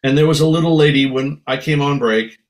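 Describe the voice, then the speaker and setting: A man's voice: mid-range voice, fairly quick. A middle-aged American man from San Francisco, a musician telling stories in an interview, who slips into accents when quoting people. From San Francisco, USA. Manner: lively storyteller, slips into accents for quoted people. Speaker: musician guest. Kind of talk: storytelling interview.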